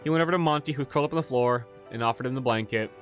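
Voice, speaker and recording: A man chats casually on his livestream as a game master, rambling through stories with frequent restarts and plenty of swearing. His voice sits at an ordinary middle pitch, with faint music playing behind him. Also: very fast.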